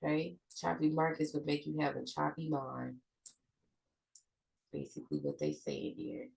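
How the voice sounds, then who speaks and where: Trading teacher, a woman with a cold-stuffed nose; low and gravelly, reads from notes with restarts. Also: animated, moderate pace, darkish tone, low-quality recording. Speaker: trading educator. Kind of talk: reading a trading lesson aloud.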